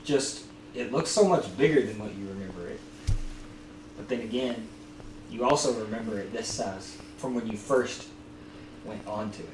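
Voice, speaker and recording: A man narrating as dungeon master with a relaxed, hesitant delivery full of ums. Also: fairly low pitch, normal speed, pauses often. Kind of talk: narrating a tabletop game. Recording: echoey room, distant mic, noisy.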